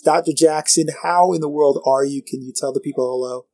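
A man's voice: mid-range voice, moderate pace, few pauses, warm tone, no room sound. A man hosting a podcast, introducing and interviewing a guest with enthusiastic, effusive praise. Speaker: podcast host.

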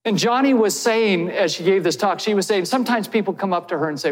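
A man's voice: high-pitched, quick pace, few pauses. A man preaching a sermon as pastor. He speaks earnestly and puts direct questions to his listeners. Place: church hall. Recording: long hall reverb.

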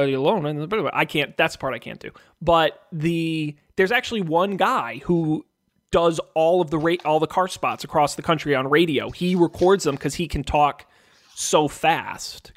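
Animated, joking male podcast host. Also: fairly high pitch, dry recording, clean studio sound. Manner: quick, rambling, joking. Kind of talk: casual podcast banter.

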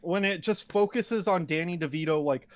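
A man's voice: a little high, normal speed, no echo. A young man with a slightly raised voice riffs casually on a film. His remarks are blunt, profane and mocking. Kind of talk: casual movie chat.

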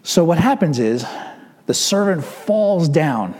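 A fairly high-voiced man preaches a sermon to his congregation. He keeps it conversational and checks in with asides to the people. His voice rings out with the long reverb of a large church sanctuary. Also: big pitch swings, slow pace, a little mellow. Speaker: pastor.

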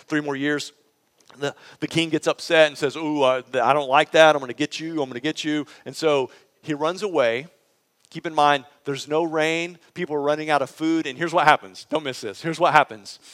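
A man preaching a sermon in a conversational, animated storytelling way, prompting his listeners and acting out the people in the story. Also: fairly high pitch, in a large hall. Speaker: pastor.

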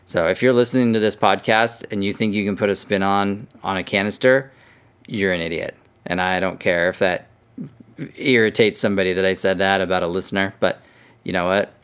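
A middle-aged man hosting his own podcast, ranting casually and with plenty of swearing about bad advice online. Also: fairly low pitch. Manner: worked-up ranting, profane, quick to sarcasm. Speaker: podcast host. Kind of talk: casual solo podcast talk.

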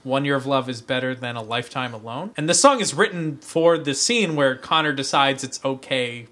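Bright, rambling Philadelphia man. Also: mid-range voice, moderate pace. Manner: rambling, lots of "like" and restarts. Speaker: podcast co-host. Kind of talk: casual chat.

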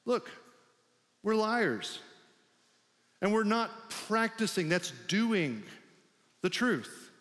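A man's voice: sits high, very animated, drawn-out words, pauses often, a bit bright, big-room sound. A male pastor preaching a sermon in a loose, conversational way, with many filler "like"s.

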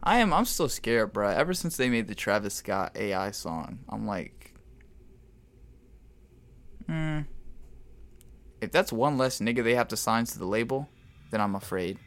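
A man's voice: fairly low pitch, expressive, a little slow, long pauses. A man co-hosting a podcast in casual chat, laid-back and slangy, giving strong opinions. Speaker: podcast co-host.

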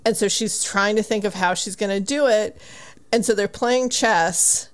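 A woman's voice: mid-range voice, measured pace. A woman co-hosting a book podcast, chatting casually and eagerly retelling scenes from a book. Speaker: podcast co-host.

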